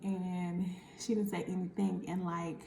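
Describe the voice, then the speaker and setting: A woman talks to camera in a casual vlog, acting out the conversations she recounts. Her voice is gravelly and mellow. The room around her gives it a roomy echo. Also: lowish voice, flat delivery, unhurried, a little hiss or hum. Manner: chatty storytelling, acting out quoted conversations. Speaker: vlogger.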